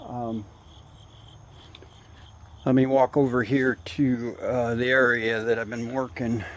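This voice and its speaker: A man out of breath, filming a casual walk-around vlog outdoors, halting with many fillers. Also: medium pitch, level tone. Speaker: hobby gardener vlogger. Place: outdoor yard.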